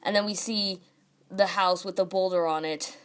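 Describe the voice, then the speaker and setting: A woman's voice: lowish voice, fairly even intonation, moderate pace, smooth. A young woman casually recapping and ranting about a manga chapter, full of "like" and quoted lines. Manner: chatty, says "like" a lot, reads quotes aloud. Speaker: manga reviewer.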